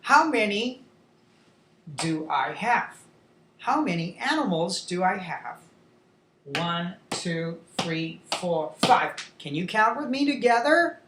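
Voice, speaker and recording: A woman teaching a beginners' English lesson to young children, slow and clear, with playful animal sounds. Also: on the low side, big pitch swings, background noise. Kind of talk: demo lesson for young learners. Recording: echoey room.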